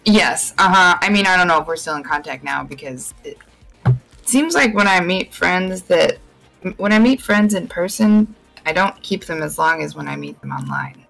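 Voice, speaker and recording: A woman's voice: lowish voice, very animated, moderate pace, vocal fry, a bit bright, faint music behind, poor audio. Rambling young woman on a live stream. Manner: chatty, rambling with many fillers and restarts. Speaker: guest. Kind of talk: casual chat on a live stream podcast.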